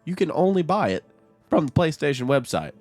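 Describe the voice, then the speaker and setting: A man's voice: fairly high pitch, very animated, fairly quick, darkish tone, soft background music. A man chatting casually while streaming a game, rambling between topics and laughing often. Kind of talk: casual chat while gaming.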